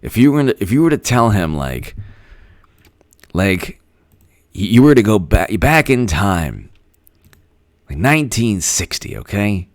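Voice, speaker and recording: A man's voice: fairly low pitch, sing-song, measured pace, pauses often, no room sound, clean studio sound. Rambling, laughing male stream host. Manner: rambling, laughs often, thanks viewers by name. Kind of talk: live-stream political commentary.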